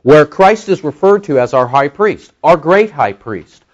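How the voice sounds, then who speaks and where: A man preaching an expository sermon, talking conversationally with many fillers and slowing down to stress key words. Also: a little high, sing-song, highs cut off. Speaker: pastor teaching a Bible study.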